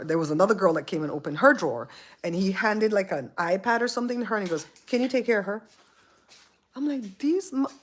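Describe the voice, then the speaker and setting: A middle-aged woman hosting her own channel, telling a story casually and acting out what people said. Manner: animated storyteller, acts out quotes with big pitch jumps. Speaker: channel host.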